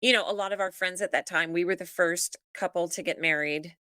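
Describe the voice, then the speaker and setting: A woman's voice: on the low side, a little fast, pushed and bright, smooth, no echo. A middle-aged woman who is a podcast guest, chatting casually and acting out family dialogue as she tells a story.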